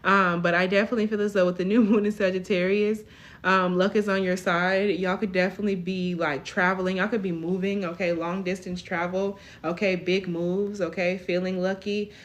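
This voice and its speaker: Brisk and medium-pitched with little pitch movement, this twenty-something woman runs a relaxed live tarot reading. She's chatty and tags almost every sentence with "okay?".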